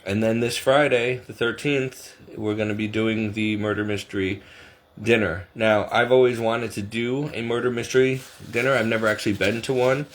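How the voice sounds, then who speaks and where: A man's voice: fairly low pitch, fairly even intonation, moderate pace. A middle-aged man chatting casually to camera, rambling and self-deprecating, often laughing at himself. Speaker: vlogger.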